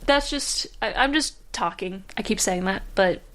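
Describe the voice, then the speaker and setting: A woman's voice: medium pitch, normal speed, a bit bright. A young woman hosting a reaction video, rambling in casual commentary and getting tearful and emotional as she talks. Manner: rambling, emotional, laughs between thoughts.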